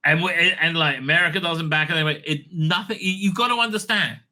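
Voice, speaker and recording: A man hosting a casual monologue, rambling with many restarts and sudden excited bursts. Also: on the high side, a little fast. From Israel. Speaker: host.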